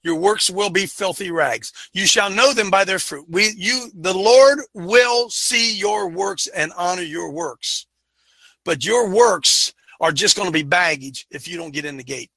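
A man with a high, very bright and piercing voice hosts a talk show, holding forth like a preacher. He talks fervently and with heavy emphasis, breaking into yelling now and then. The sound is close and dry. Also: unhurried, vocal fry, no echo.

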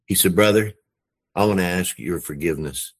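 A man with a very low voice tells a story from his own life in a plain, conversational way. He sounds earnest and moved as he speaks. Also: normal speed. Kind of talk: personal storytelling.

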